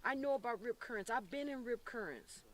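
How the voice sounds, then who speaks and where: A man from Florida working as a psychic medium on an outdoor paranormal investigation, talking intensely and haltingly with many restarts. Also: very high voice, lively intonation, a bit bright, far from the mic. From Florida, USA. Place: outdoors by a reservoir.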